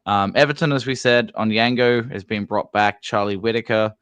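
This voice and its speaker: Low-voiced man, laid-back football chat. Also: normal speed, a bit bright, clear, resonant tone, dry recording. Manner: easygoing, chuckles often, trails off and corrects himself. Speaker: fan channel co-host. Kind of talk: casual live-stream football chat.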